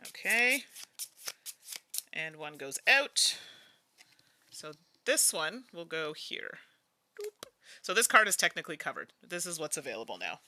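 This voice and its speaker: A woman's voice: low voice, very animated, unhurried, pauses often, pushed and bright. A woman hosting a solo board game playthrough. She talks through each move in a chatty, musing way, humming and laughing between moves. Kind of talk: casual think-aloud playthrough.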